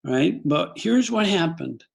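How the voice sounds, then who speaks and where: An older man from the United States talks as an interview guest, working through a personal story in an earnest, unhurried way. His voice is heavily gravelly with a husky edge. He often restarts his sentences and slips into quoted asides. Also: a little high, rough recording. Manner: calm, earnest, with self-corrections and quoted asides. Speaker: guest psychologist.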